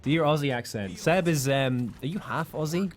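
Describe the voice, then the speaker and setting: A man's voice: a little high, lively intonation, moderate pace. Chatty British man streaming a game. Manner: chatty, reads out viewer comments. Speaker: co-host of a live game stream. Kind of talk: casual live-stream commentary.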